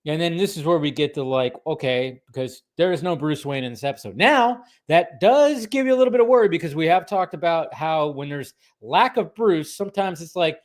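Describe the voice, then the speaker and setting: A man's voice: a little high, expressive, fairly quick, few pauses. A man in his thirties, rambling casually as he recaps a cartoon episode, laughing often and restarting his sentences. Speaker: podcast co-host.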